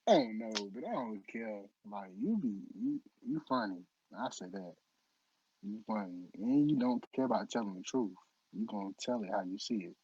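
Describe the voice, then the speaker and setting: A man's voice: lowish voice, lively intonation, moderate pace, darkish tone, slightly rough. A man hosting an informal interview. He talks in a loose, joking way and laughs easily. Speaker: interview host. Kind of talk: casual interview chat. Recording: dull lo-fi dry sound.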